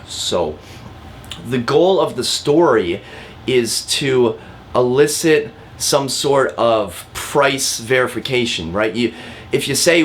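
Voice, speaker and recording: A man's voice: medium pitch, measured pace, fairly bright tone, slight background noise. A man, a real estate agent, giving a casual lesson to camera, talking directly with frequent fillers and repeats. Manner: chatty and direct, often calls viewers guys.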